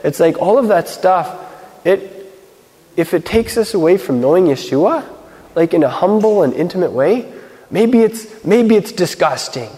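Man, slightly high voice, mellow tone, casual sermon, filler-heavy, long hall reverb. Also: lively intonation. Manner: conversational, filler-heavy, reads scripture slowly. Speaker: Messianic teacher.

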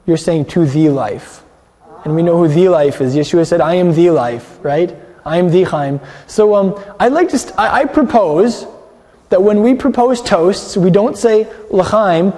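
A man's voice: sits high, normal speed, warm tone, in a large hall. A man teaching a sermon to a congregation in an earnest way, asking the room questions as he goes.

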